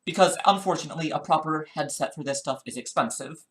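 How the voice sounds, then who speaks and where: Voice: mid-range voice, quick pace, background noise. A game streamer chatting casually, flustered by setup trouble, recorded on a webcam's built-in mic. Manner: chatty, flustered by tech trouble, many fillers.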